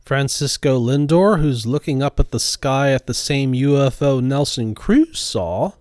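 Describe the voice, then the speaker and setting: A man narrating a pack-opening voice-over in a slow, deliberate commentary. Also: mid-range voice, expressive, darkish tone, no echo, studio quality. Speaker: card collecting channel host. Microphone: voice-over recorded after the footage.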